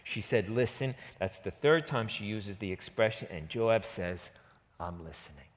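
A man with a New York accent teaching a Bible passage, lively and acting out the quotes in casual slang. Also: fairly low pitch, moderate pace, big-room sound.

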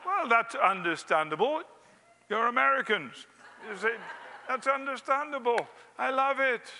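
A man's voice: very high-pitched, expressive, unhurried, pushed and bright, in a large hall. A man preaching a sermon, telling a wry anecdote and acting out its quotes.

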